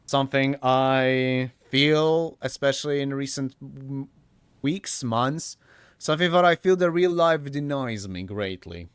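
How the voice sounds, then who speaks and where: A young British man streaming a game, animated and sweary, laughing often. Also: mid-range voice, unhurried, smooth, no echo. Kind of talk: casual let's-play commentary.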